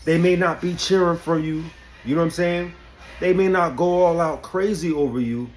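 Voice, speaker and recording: A man's voice: on the high side, steady tone, moderate pace, slight background noise. A man from Albany giving an unscripted motivational talk, emphatic, often asking "you know what I'm saying". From Albany, New York. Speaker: barber and vlogger.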